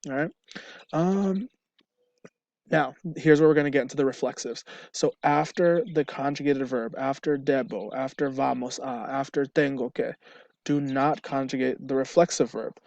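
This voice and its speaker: A man's voice: mid-range voice, steady tone, normal speed, creaky, a little mellow, no echo, highs cut off. Man teaching a grammar lesson, dry sound. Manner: explains step by step, checks with "right?". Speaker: Spanish teacher. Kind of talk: recorded online lesson.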